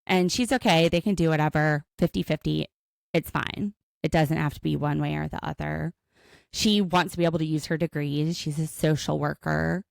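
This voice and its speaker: A woman co-hosting a podcast recaps a reality show in casual chat, animatedly telling the story and acting out the cast's lines. Her voice is low-pitched and creaky, and the recording is dry.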